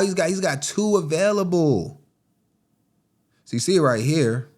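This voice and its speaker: Chatty man, low voice. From United States. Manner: chatty, addresses viewers as team, excitable bursts. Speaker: gaming vlogger. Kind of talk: casual screen-recording commentary.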